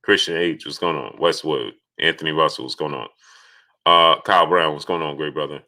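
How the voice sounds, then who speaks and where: A man with a low, bright, forceful voice hosts a casual live stream, talking a little fast as he reads viewers' names and greets each in turn. Making a point, he gets loud and insistent.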